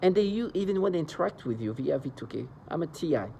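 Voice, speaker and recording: A man's voice: a little high, lively intonation, quick pace, gravelly, dark tone, slight background noise. A man delivering an agitated, rambling monologue into the camera, with mocking asides. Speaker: vlogger describing being targeted. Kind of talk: angry monologue.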